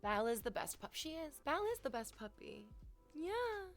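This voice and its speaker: A woman's voice: high voice, big pitch swings, normal speed, faint music behind. A woman streamer chatting casually at home, playful and teasing, talking straight to her viewers. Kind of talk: casual live-stream chat. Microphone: desk microphone, off camera.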